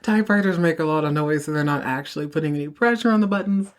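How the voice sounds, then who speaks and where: A woman hosting a podcast, telling the story of a TV episode in an animated, chatty way. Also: low voice, quick pace. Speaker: podcast host. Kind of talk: casual TV episode recap.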